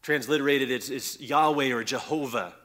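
Bright-voiced male preacher teaching. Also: medium pitch, moderate pace. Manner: teaching, repeats words when restarting, grows loud on scripture quotes. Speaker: pastor. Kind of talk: sermon.

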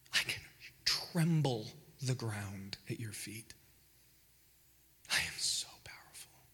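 A man voicing God in a low, intimate whisper inside a sermon. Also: sharp tone, breathy edge, big-room sound, full character voice. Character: God, an all-powerful gentle male voice.

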